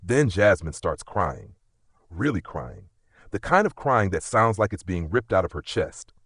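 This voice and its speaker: A man's voice: sits low, very animated, measured pace, fairly bright tone, slightly rough, dry recording, clean studio sound. A man narrating a dramatic first-person story with an intense, emotional delivery.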